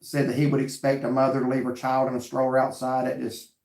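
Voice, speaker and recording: A man's voice: medium pitch, monotone, quick pace, gravelly, darkish tone, echoey room. A man hosting a casual chat and telling a story earnestly with quoted back-and-forth dialogue. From North Carolina. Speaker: vlog host reading live chat.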